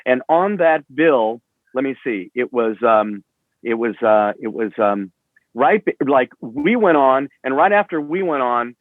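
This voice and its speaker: A man's voice: mid-range voice, lively intonation, a little slow, no room sound. A man in his sixties, a rock musician guest, telling stories in a rambling, profane way full of fillers, over a remote call. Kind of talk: casual storytelling. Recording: tinny phone-like line.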